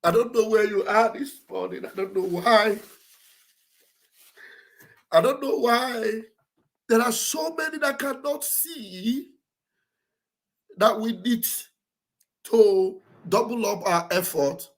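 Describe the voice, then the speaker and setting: A man with an Igbo accent, whose first language is Igbo, delivers a passionate livestream exhortation in a high, fervent voice. He talks like a preacher, repeating lines for emphasis. He sounds emotional and close to tears throughout. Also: animated, a little slow, long pauses, sharp tone. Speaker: livestream host.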